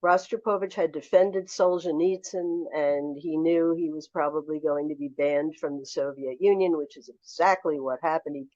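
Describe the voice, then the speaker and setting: Low-voiced older woman telling stories. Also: normal speed, hardly any pauses, no room sound, highs cut off. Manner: animated anecdotal storyteller. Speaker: memoir author guest. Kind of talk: storytelling in a podcast interview.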